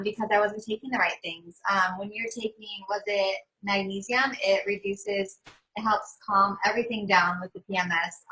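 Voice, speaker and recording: Woman, married, self-mocking, laughing, bright voice, casual chat. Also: medium pitch, poor audio. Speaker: co-presenter. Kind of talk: casual chat on a live call.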